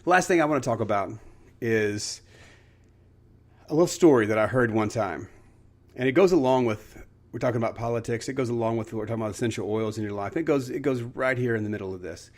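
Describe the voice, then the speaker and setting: Male podcast host, earnest storytelling, mid-pitched voice, casual motivational talk. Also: quick pace. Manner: earnest, storytelling, frequent restarts.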